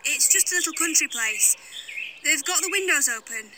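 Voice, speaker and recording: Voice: high-pitched, lively intonation, moderate pace. An actor playing a lookout who reports urgently from hiding in bushes. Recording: outdoor noise, distant.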